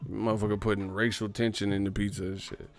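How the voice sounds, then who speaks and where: A man hosting a livestream, reading super chats and ranting in a casual comedic way, profane and animated, laughing often. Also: lowish voice, fast talker.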